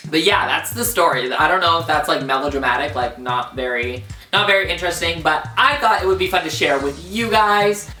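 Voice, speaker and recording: A man's voice: on the high side, fairly quick, hardly any pauses, bright, forceful tone, recorded from a distance. A young man around twenty telling a dramatic story time on his vlog, full of "like" fillers. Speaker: vlogger. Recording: roomy echo, off-mic, faint music.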